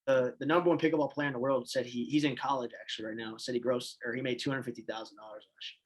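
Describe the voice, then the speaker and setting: A man who is an assistant coach, a guest on a podcast, talking in a relaxed, rambling, self-deprecating way. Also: medium pitch, quick pace, husky, soft background music, rough recording. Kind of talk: casual chat.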